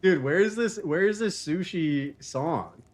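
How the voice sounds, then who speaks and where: A man's voice: on the high side, lively intonation, a little slow. A man streaming a video game, chatting casually, joking and laughing often as he reads chat messages aloud.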